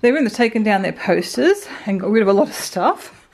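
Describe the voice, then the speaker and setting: A woman's voice: mid-range voice, lively intonation, normal speed, gravelly, darkish tone. An Australian woman in her forties, chatting casually in a home vlog, rambling and laughing as she talks to her dogs. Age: 40s. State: out of breath from exercising. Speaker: vlogger.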